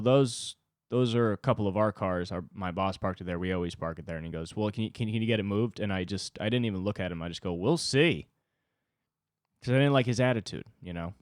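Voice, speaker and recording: A man's voice: lowish voice, clear, resonant tone, dry recording, studio quality. Profane young man venting alone. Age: young adult. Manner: ranting, profane, self-reflective. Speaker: podcast host. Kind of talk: solo confessional monologue.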